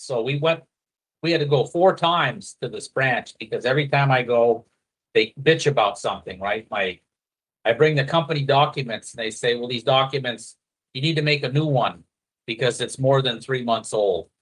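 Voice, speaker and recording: A man telling a story in casual chat, animated and profane, slipping into quoted voices. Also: medium pitch, normal speed, slightly rough. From a foreigner living in Thailand.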